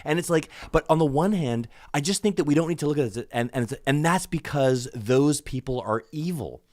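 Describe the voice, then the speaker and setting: A man from Canada speaking as a podcast guest in casual conversation, animated and emphatic, swearing a lot. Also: on the high side, fairly quick, no echo, studio quality.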